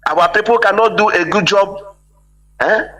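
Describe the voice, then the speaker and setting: An emphatic man speaks on a live call-in, keeping his pitch a little high and his tone bright and forceful. He keeps tossing in "eh?" to press his point. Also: moderate pace, low-quality recording. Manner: emphatic, repeats "eh?" for agreement. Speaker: caller. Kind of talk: impassioned call-in speech.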